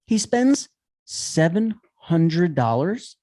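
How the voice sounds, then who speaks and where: A man co-hosting a podcast, telling a story in an animated, ranting way with lots of swearing. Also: fairly high pitch, very slow. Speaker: podcast co-host. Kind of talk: casual chat.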